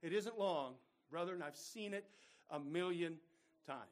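A middle-aged man preaching in a high-pitched voice. He talks earnestly and keeps asking rhetorical questions. He often turns to his listeners as brethren. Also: unhurried. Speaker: pastor. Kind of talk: sermon.

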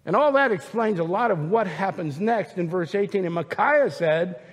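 A man's voice: high voice, lively intonation, moderate pace, husky, long reverb tail. A man preaching a sermon, emphatic and retelling scripture scenes with voices.

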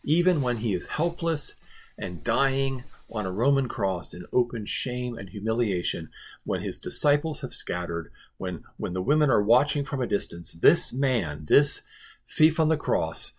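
Male pastor, low husky voice, earnest devotional teaching, emphatic repetition. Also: animated, normal speed. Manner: earnest, emphatic, repeats phrases for stress.

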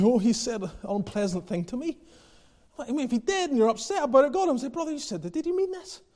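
Male preacher with a high voice, passionate and emphatic, builds to shouts and drops to quiet asides. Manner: passionate, rising to near-shouting then dropping low; repeats phrases, chuckles. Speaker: pastor. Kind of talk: sermon.

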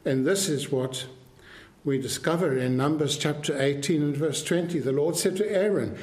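A man preaching a sermon to his congregation with a measured, emphatic delivery. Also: on the high side, expressive, a little mellow, roomy sound. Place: church.

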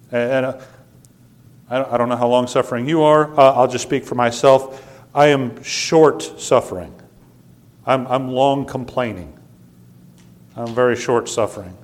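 Stammering preacher man, loud then hushed. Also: a little high. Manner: stammering restarts, swings from loud to quiet. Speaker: pastor. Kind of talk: sermon. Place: church sanctuary.

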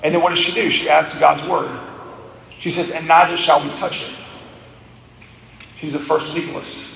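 A man's voice: on the high side, little pitch movement, moderate pace, vocal fry, a bit bright, slight background noise. A man preaching a sermon as pastor, leading through a passage with rhetorical questions, in a church sanctuary. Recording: echoey hall, distant mic.

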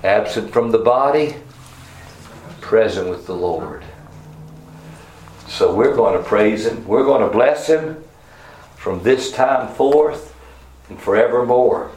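A man preaching a sermon, fervent, his voice swinging from soft, slow passages to loud, rising emphasis. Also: fairly low pitch, expressive. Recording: echoey room with faint ambience.

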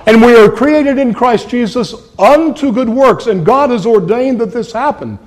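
A man's voice: extremely high pitch, animated, moderate pace, in a large hall. A man preaching an expository sermon, earnest and emphatic, repeating key phrases and addressing his listeners as friends.

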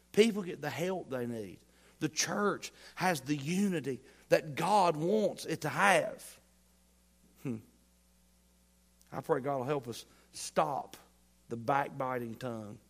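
A man preaching a sermon as pastor, folksy and playful, swinging between loud emphatic lines and quiet asides. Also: on the high side, gravelly. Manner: folksy humor, playful mock dialogue.

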